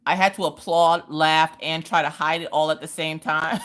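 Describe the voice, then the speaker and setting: A woman in her thirties hosting a live crafting stream, telling stories in a lively, chatty, colloquial way. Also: deep voice, normal speed, hardly any pauses. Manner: animated, chatty storyteller, colloquial. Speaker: craft livestream host. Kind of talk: casual chat and storytelling. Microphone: streaming from home.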